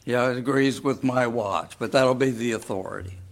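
A man preaching a sermon as pastor, deliberate and full of rhetorical questions to the congregation. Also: mid-range voice.

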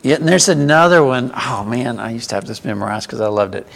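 Gravelly-voiced man teaching a Bible class. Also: mid-range voice, animated, fast, fairly bright tone. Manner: conversational, asks the group questions.

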